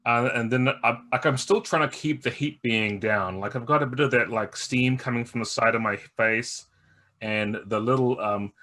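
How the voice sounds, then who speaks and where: A man's voice: medium pitch, normal speed, sharp tone. A man who plays in a tabletop game and explains its rules in an earnest, explanatory way.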